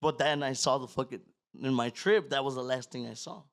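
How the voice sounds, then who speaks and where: A man at medium pitch, speaking a little fast, shares a personal story as a podcast guest, casual and full of swearing. He dramatizes his own words and alternates between loud outbursts and hushed near-whispers.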